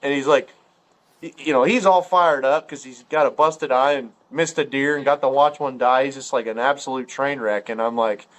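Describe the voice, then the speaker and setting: A man from Ohio telling a hunting story in casual chat, rambling and profane, acting out the dialogue. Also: moderate pace. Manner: rambling, profane storyteller full of filler words; acts out quoted dialogue with jumps in pitch. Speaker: podcast guest storyteller.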